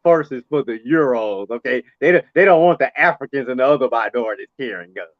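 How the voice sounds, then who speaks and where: Lively high-voiced man, dull dry audio. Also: no room sound. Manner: animated, chimes in with quick agreement. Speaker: co-host. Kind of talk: casual sports talk.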